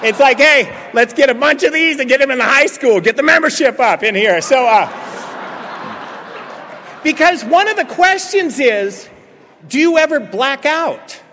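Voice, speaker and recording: Speaking at a recovery meeting, a middle-aged man jokes with the audience and acts out dialogue in his funny stories. His extremely high voice is animated, unhurried, bright and forceful, with a little hiss or hum. Laughter rises in the reverberant meeting hall.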